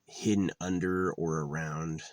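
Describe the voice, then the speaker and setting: A man's voice: low-pitched, fairly even intonation, a little slow, dry recording. A man on a profane, agitated ranting monologue, often repeating himself. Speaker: vlogger.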